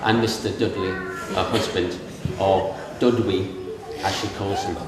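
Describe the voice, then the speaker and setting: A middle-aged Englishman delivers a comic best man's speech from memory at a castle wedding, telling stories and imitating the voices of the people in them. His voice is low, fairly even in intonation and a little slow. The recording, made in a large reception room, sounds distant and echoey with room noise.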